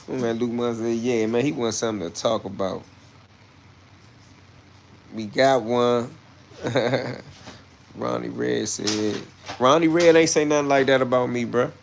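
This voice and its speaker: A man chatting casually on a livestream and answering viewer comments. He is brash and swears, moving between low muttering and loud outbursts. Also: takes it slowly, vocal fry, pauses often, slight background noise. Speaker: livestreamer reading chat comments.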